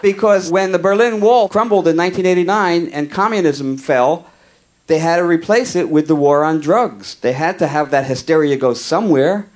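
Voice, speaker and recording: A male comedian telling a long comic story in a wry, conversational way, with deadpan asides. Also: on the high side, normal speed.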